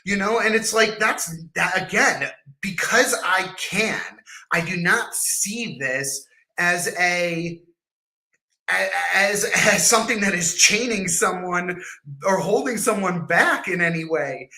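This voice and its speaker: A man's voice: high voice, lively intonation, slow, bright, forceful tone. A man co-hosting a casual podcast, rambling and restarting often, with the odd curse. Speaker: podcast co-host. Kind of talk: casual chat.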